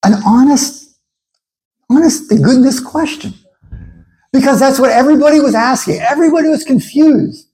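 A man preaching a sermon in an animated way, acting out the voices of his listeners as he goes. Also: very high voice, moderate pace, poor audio. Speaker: pastor.

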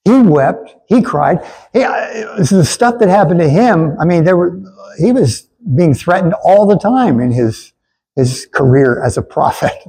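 A male pastor preaches with earnest conviction, stumbling over his words and starting sentences again. His voice is husky and mellow, and sits a little higher than most men's. He calls on the listeners to say the lines back to him. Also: expressive, measured pace, poor audio. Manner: earnest, stammering restarts, calls for congregation response. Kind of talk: sermon.

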